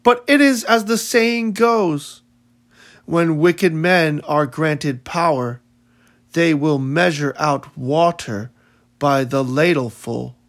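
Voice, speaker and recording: A man's voice: a little high, takes it slowly. A man voicing a greedy, scornful uncle and aunt who mock their poor relatives, read as an audiobook. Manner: mocking, contemptuous questioning. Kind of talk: audiobook reading.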